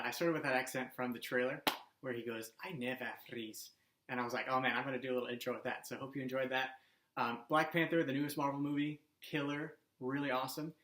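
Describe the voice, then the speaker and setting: A man's voice: mid-range voice, a bit bright. A young adult man hosting a casual movie review, enthusiastic and chatty with loose fillers. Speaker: host. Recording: echoey room with faint hum.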